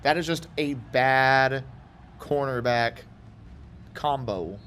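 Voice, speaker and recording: A man from Houston giving casual, rambling commentary as he plays a football video game, with excited outbursts and side chatter. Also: medium pitch, slow, slight background noise. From Houston, Texas. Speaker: gaming YouTuber.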